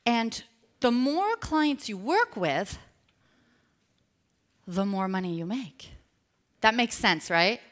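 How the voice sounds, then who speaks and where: A woman business coach giving an energetic motivational seminar talk, drawing the audience in with call-and-response questions. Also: a little high, slow pace, long pauses. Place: live event with an audience.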